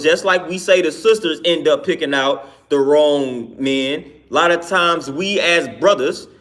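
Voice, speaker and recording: A man's voice: fairly high pitch, a bit bright. A man, a personal trainer, giving an earnest casual monologue and often tagging his sentences with "man.". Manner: earnest, repeats "man" and "you know what I'm saying".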